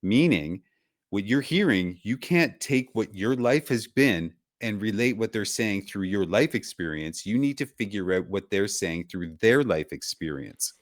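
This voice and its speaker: A man's voice: lowish voice, lively intonation, unhurried, no echo, studio quality. A man hosting a podcast, talking in casual chat in an earnest, preachy, motivational way. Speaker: podcast host.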